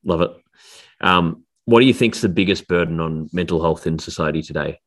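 A man hosting a podcast, relaxed and friendly in casual interview chat. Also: deep voice, fairly quick. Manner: relaxed, friendly, says "mate". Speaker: podcast host.

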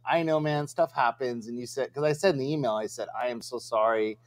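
Co-hosting a vending business livestream, a man with a medium-pitched voice tells stories casually and briskly. He's an animated storyteller who acts out quoted voices and uses plenty of fillers.

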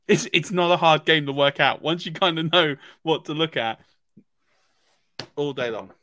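A man's voice: fairly high pitch, measured pace, sharp tone. A man co-hosting a fantasy football podcast, talking through draft picks in a casual, emphatic way with frequent restarts and laughs. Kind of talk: casual sports analysis chat.

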